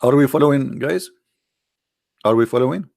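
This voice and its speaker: A man hosting sarcastic religious commentary, mocking and repetitive, in halting non-native English. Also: medium pitch, gravelly, darkish tone, no room sound, clean studio sound. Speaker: religious debate host.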